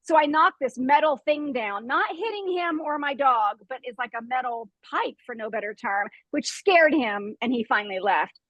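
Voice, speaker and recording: A high-pitched woman hosts a group conversation and tells a story with animated energy, often laughing and acting out the noises. Her voice sounds dry and close, with no room echo. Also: normal speed, hardly any pauses, highs cut off. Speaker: host.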